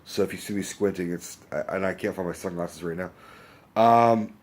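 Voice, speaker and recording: Under a bright lamp indoors, a man records a casual movie review rant on a handheld phone camera, speaking at normal speed in a deep voice with a darkish tone. Coughing and hoarse from a sore throat, he rambles, corrects himself, and swears freely.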